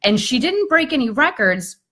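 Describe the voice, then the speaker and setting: A woman speaker and coach telling a story in a lively, conversational way on a live video chat, often using "like" and "I mean". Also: high voice, moderate pace.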